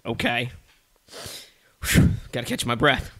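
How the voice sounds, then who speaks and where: A man's voice: medium pitch, steady tone, unhurried, fairly bright tone. A man co-hosting a comedy podcast, telling a rambling made-up story full of swearing and fillers. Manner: rambling, profane, many fillers. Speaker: podcast co-host.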